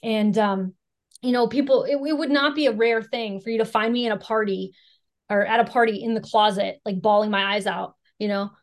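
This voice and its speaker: A woman's voice: medium pitch, fairly even intonation, brisk. An American woman from the Chicago area giving a candid personal testimony, frank and self-deprecating, with lots of "you know" and "right". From Chicago area, United States. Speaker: speaker sharing recovery story.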